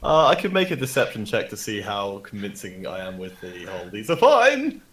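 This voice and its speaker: A man's voice: lowish voice, big pitch swings, brisk, a bit bright. A man playing a tabletop game with wry, jokey remarks. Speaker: player. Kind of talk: casual tabletop game banter.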